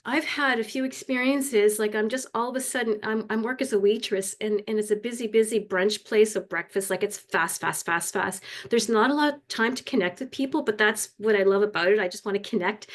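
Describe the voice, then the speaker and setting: Rambling heartfelt older woman. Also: on the high side. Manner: rambling, heartfelt, tearful at times. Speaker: community member sharing. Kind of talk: emotional personal sharing on a video call. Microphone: video call.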